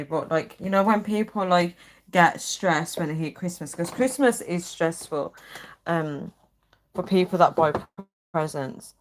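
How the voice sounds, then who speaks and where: A young woman chatting casually on a live stream, rambling and reading viewer comments aloud. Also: mid-range voice. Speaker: livestreamer.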